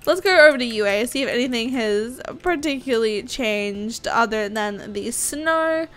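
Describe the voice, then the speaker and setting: A young woman casually commenting on her gameplay, excitable and chatty, often squealing with surprise. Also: high voice. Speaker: gaming YouTuber. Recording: faint game music behind.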